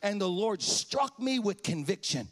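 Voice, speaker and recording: Male pastor, high-pitched voice, impassioned sermon in church, loud highs and hushed lows. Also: big pitch swings, a little slow. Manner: impassioned, swings from shouting praise to quiet confession. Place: church sanctuary.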